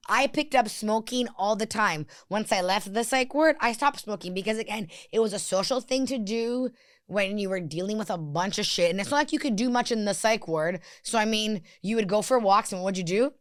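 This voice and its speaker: A woman guest on a podcast talks frankly and with energy, full of "like" fillers and casual swearing. Her voice sits at a middle pitch and is recorded close and dry, with no room sound. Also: a little fast, dry recording. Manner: blunt, animated, swears freely, many "like" fillers. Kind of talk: candid conversational chat.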